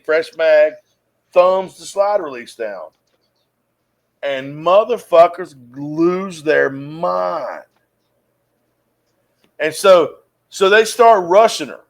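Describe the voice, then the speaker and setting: High-voiced man telling a profane story. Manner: profane, animated yarn-spinner. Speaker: podcast host. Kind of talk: casual storytelling.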